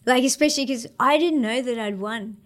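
A woman's voice: a little high, fairly quick. Laid-back Australian woman, slangy chat. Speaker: interview guest, para-surfer. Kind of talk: casual interview chat.

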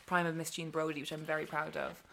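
Gushing woman, slightly low voice. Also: level tone, fast, gravelly, noisy background. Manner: enthusiastic, laughs often, gushing. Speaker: guest. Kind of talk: casual chat about books.

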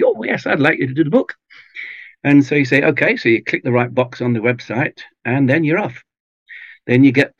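A man with an English accent, chatting in an interview in a relaxed, rambling way with many ums and restarts. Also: medium pitch, no echo, lo-fi sound. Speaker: audiobook narrator guest. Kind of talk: casual interview chat. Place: home garage booth with foam pads.

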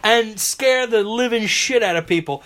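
His voice sits high and his pace is moderate as this podcast host tells energetic stories in a casual chat recorded on a phone. He animates the tales by acting out how people reacted, even screaming.

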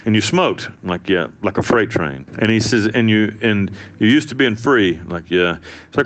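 Profane, animated man telling a story. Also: on the low side, normal speed. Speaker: interviewee, former prisoner. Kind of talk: casual storytelling interview.

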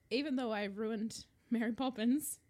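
A woman's voice: on the high side, darkish tone. A woman co-hosting a podcast in a casual, giggly, teasing chat. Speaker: podcast co-host.

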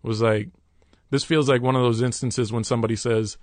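A man's voice: medium pitch, fairly even intonation, no echo. Earnest man telling a story, dry sound. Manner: earnest, halting, many restarts. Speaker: guest. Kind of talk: candid interview storytelling.

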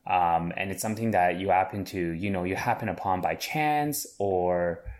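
A man in his thirties answers interview questions in an earnest way, often restarting his sentences as he thinks. His voice sits very low. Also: normal speed. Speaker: guest, chef and business owner.

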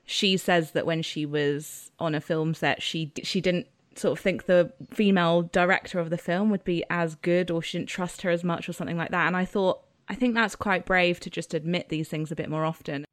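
A woman's voice: lowish voice, steady tone, normal speed, few pauses, no echo. A woman interviewing an author in a chatty, slightly hesitant way with asides. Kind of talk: casual interview chat.

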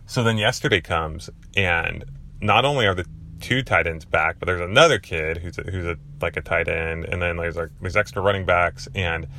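A man hosting a podcast, telling a long casual story in a rambling way, full of filler words and getting excitable as he goes. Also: deep voice, moderate pace, a little hiss or hum. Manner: excitable, voice jumps up when worked up. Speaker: podcast host.

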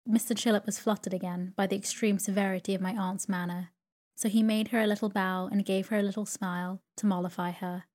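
A woman with a medium-pitched voice reads a classic novel as a calm sleep story, slow, steady and soothing.

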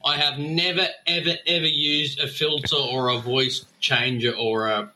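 An Australian man chatting on a podcast, rambling and profane. His voice is bright and forceful with a mid pitch. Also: level tone, a little slow, slight background noise, rough recording. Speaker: podcast guest. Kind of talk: casual podcast chat.

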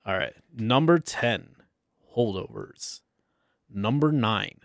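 A man's voice: lowish voice, big pitch swings, takes it slowly, gravelly, no room sound, clean studio sound. A young man co-hosting a casual podcast chat, rambling and laughing often. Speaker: podcast co-host.

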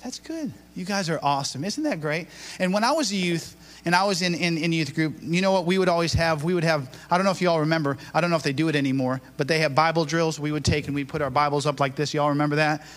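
Upbeat high-voiced preacher. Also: male voice, fast, a bit bright. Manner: upbeat, talks with the congregation, quizzes them, then prays. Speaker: bishop preaching. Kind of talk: sermon. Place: church before a live congregation.

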